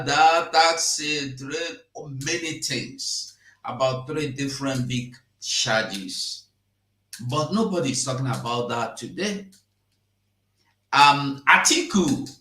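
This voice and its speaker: A Nigerian man hosts a live-streamed news commentary at an unhurried pace. His voice is bright and forceful, and he circles back on his points and repeats them, often pushing his pitch up sharply for emphasis. The sound carries a noticeable room echo. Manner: rambling, repetitive and emphatic, with sudden rises in pitch.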